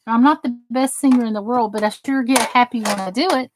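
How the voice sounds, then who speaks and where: A woman's voice: a little high, fairly even intonation, a little fast, background noise. A woman with a Southern US accent, hosting a crafting channel, demonstrating a die-cutting machine and chatting with live viewers. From American South. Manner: chatty, rambling, reads chat aloud while working. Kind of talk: casual craft demo and live chat.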